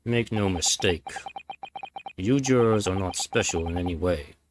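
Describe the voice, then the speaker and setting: A man's voice: low-pitched, over music, voice pushed down. Man doing a grave, stern judge. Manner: slow, grave and commanding. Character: stern imperious male judge.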